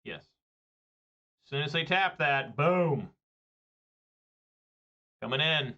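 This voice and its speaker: A man's voice: fairly high pitch, takes it slowly, pushed and bright. Man, chatty gameplay commentator, slightly lo-fi mic. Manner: rambling, joking, chatty. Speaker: gaming video creator.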